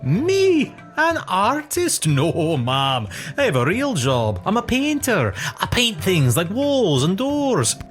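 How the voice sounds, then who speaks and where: A man's voice: on the high side, sing-song, slow, few pauses, faint music behind. An actor voicing a polite, chuckling male goblin painter, in a video game. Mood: indignant. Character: cheerful self-employed male goblin painter.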